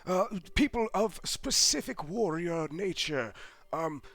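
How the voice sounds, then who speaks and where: A man's voice: high voice, lively intonation, takes it slowly, gravelly, a bit bright, voice pushed up, heavily acted. A man voicing a snooty male bookkeeper to an island emperor who talks down to everyone. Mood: bureaucratic. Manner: condescending, dismissive, fussy.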